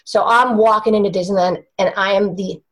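Animated swearing woman telling a story. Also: mid-range voice, fairly quick. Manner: animated, swears freely, acts out voices. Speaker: podcast host telling a story. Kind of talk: casual storytelling chat. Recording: roomy echo.

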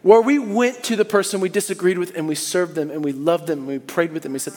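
Male pastor, high voice, animated sermon delivery, echoing sanctuary. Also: brisk, a little hiss or hum. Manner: animated, swings from hushed to loud and high when acting out people. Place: church sanctuary. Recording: long hall reverb.

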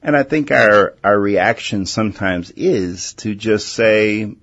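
A man hosting a Christian call-in radio show, talking earnestly and gently and often restarting his words. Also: on the low side, takes it slowly, hardly any pauses, muffled recording. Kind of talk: faith-based call-in radio talk.

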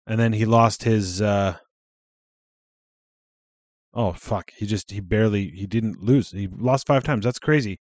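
A man's voice: lowish voice, measured pace, pauses often, a little mellow, no room sound, studio quality. A man co-hosting a podcast in casual chat, swearing freely and often trailing off mid-thought. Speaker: podcast co-host.

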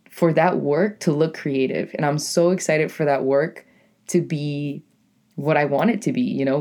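A young woman with a deep, raspy voice and a New England accent, hosting her own podcast as a poet in a rambling, casual monologue full of "like" and "you know". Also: darkish tone. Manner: rambling, lots of "like" and "you know", self-correcting.

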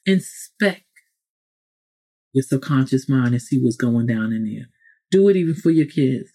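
A woman's voice: rumbling low, lively intonation, unhurried, dark tone. A woman hosting a motivational podcast monologue. She talks straight to the listener in a preachy way and often breaks off to correct herself. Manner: frequent self-corrections and asides. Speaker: podcast host.

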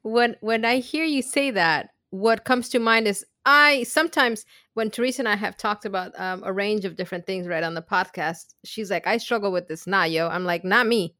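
A woman's voice: medium pitch, normal speed, few pauses, sharp tone, no echo, clean studio sound. A woman co-hosting a podcast in casual chat, upbeat and conversational, often checking in with "right?". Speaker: podcast co-host.

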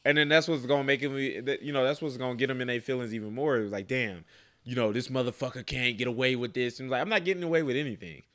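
A man's voice: mid-range voice, quick pace, fairly bright tone. Profane ranting army sergeant, man. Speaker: army NCO. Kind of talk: casual chat.

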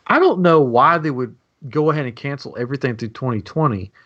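A man's voice: mid-range voice, a little fast, dull audio, a little hiss or hum. A man from Tennessee, joking around in casual chat as a podcast co-host. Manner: animated, joking, laughs easily.

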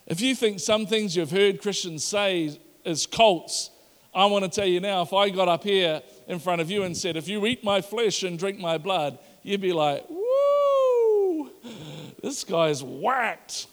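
A man preaching a sermon, animated and acting out the voices of the crowd. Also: sits high, moderate pace, smooth. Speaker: pastor. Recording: long hall reverb.

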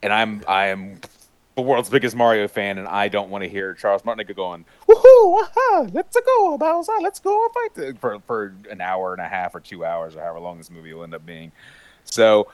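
A man with a very low voice chats casually and eagerly, rambling through fillers and restarts. He sometimes leaps into high-pitched impressions of other voices. The sound is close and dry, with no room echo. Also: steady tone, a little fast. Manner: mimics voices with sudden high-pitched bursts. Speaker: podcast panelist. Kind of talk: casual chat.

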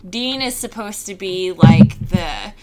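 A woman's voice: mid-range voice, takes it slowly, loud music behind the voice, rough recording. A woman co-hosting a podcast, chatting and laughing about a TV episode, saying "like" often. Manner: giggly, animated, says "like" a lot. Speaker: podcast co-host. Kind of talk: casual chat.

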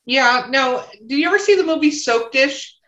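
A woman host with a bright, slightly high voice chats easily and asks her guest questions. Her voice bounces around an echoey room. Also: normal speed, dull audio. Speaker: podcast host. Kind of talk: casual interview chat.

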